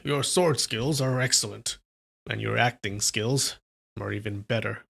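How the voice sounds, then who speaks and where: A man voicing a stern, sneering older sect master in a lowered voice, as he reads a story aloud. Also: expressive, moderate pace.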